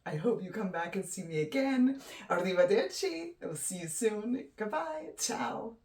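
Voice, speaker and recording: A woman hosting a casual painting tutorial, gushing and excitable, often trailing off mid-sentence. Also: medium pitch, moderate pace. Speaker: art channel host. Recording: voice a bit distant from the mic.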